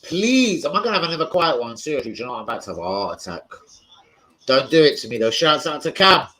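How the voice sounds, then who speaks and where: Excitable man hosting a watch-along. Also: mid-range voice, fast, low-quality recording. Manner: excitable, swearing, shouting out viewers. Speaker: football fan channel host. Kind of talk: live football watch-along chat.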